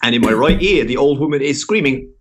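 A man telling a story in casual chat, animated, swearing and laughing often. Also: mid-range voice, a little fast, background noise. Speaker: podcast regular telling a story.

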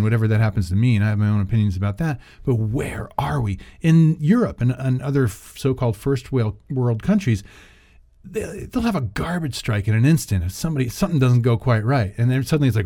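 A man co-hosting a podcast in casual chat, dropping wry deadpan asides and rambling into rants. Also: mid-range voice, a little fast, dry recording, clean studio sound. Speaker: podcast co-host.

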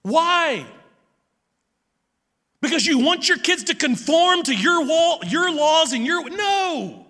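A middle-aged pastor with a very high, bright voice preaches a sermon, his sound carrying a long reverb through a large hall. He tells a story in a halting way, repeating words and restarting. His delivery drops to a hush and then rises loud again. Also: expressive. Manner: swings between hushed and loud passages.

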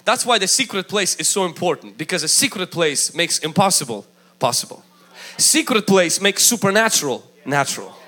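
A man preaching a sermon in a high, bright voice. His delivery is emphatic and swings widely in pitch. He acts out the people he quotes. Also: big pitch swings, moderate pace. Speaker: pastor.

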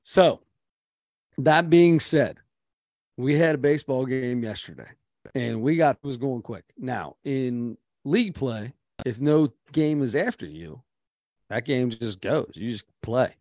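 A man co-hosting a podcast, telling stories in a casual, animated chat. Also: medium pitch, no room sound, clean studio sound. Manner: storytelling, animated, quick asides. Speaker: podcast co-host.

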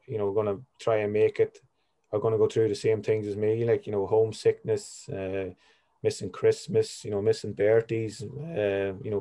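Earnest Irish man, low and even. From Ireland. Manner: earnest, full of "you know" fillers. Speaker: football agent guest. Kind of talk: casual podcast chat.

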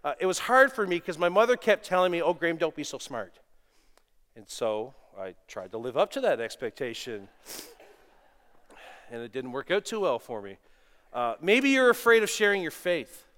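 A middle-aged man preaching a sermon, animated, moving between loud exclamations and quiet asides, telling stories with self-deprecating humor. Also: a little high, normal speed. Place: church sanctuary. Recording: long reverb of a church hall.

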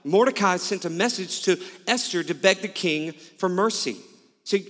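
A man's voice: on the high side, a little slow, fairly bright tone. A male pastor preaching a sermon, telling a personal story with candid, self-mocking humor. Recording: long hall reverb.

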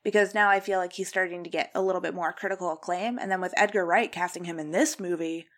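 A woman's voice: lowish voice, fairly even intonation, quick pace, a bit bright. A young woman co-hosting a podcast, chatting enthusiastically about films. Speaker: podcast co-host. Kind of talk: casual film discussion.

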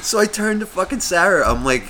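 A man in his thirties co-hosts a casual podcast, his voice sitting high and moving fairly quickly, with slight background noise behind him. He's animated and profane as he tells a story, performing the quoted voices of other people.

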